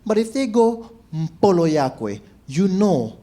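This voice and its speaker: A man, a stand-up comedian telling stories to a crowd and acting out shouts and quoted voices. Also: sits high, a little slow, few pauses. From Zambia. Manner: animated, acts out shouts and quotes. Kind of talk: stand-up storytelling.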